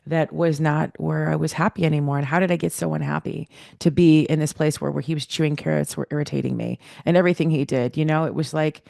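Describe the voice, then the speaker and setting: A middle-aged woman telling a personal story as a podcast guest, animated and acting out the dialogue she remembers. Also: deep voice, creaky, no echo, clean studio sound.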